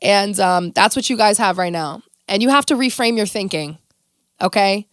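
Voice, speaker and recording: Woman host, mid-pitched, blunt and animated, pep-talk delivery, dry close recording. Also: moderate pace, clear, resonant tone, no room sound. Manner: blunt, animated, swears freely. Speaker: podcast host. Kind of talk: casual motivational monologue.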